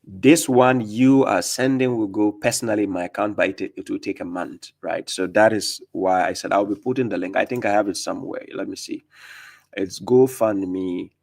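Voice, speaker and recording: A man from Ghana, hosting a live religious Q&A stream, reading viewer comments aloud and answering with quick retorts and many fillers. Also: on the low side, fairly even intonation, vocal fry, darkish tone.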